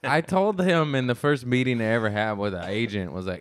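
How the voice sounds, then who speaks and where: A man's voice: medium pitch, a little fast, hardly any pauses. A man hosting a podcast, chatting casually and joking, laughing often. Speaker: podcast host. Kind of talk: casual chat.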